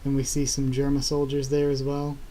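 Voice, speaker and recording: A man reading through a comic chapter live and reacting casually, excitable and laughing often. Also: mid-range voice, brisk, slight background noise. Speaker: YouTuber reacting to a manga chapter.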